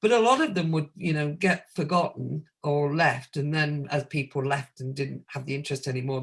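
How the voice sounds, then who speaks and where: Chatty woman telling anecdotes. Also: deep voice. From United Kingdom. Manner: lively anecdote-teller who acts out quoted phone calls and laughs often. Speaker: guest astrologer. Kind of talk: casual interview storytelling.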